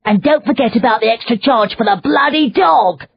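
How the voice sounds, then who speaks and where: A woman voicing a greedy, coarse male London coachman who complains loudly, in an audiobook. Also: lowish voice, expressive, normal speed, husky, highs cut off. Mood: indignant. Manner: grumbling, coarse, loud complaints. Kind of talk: audiobook character voice.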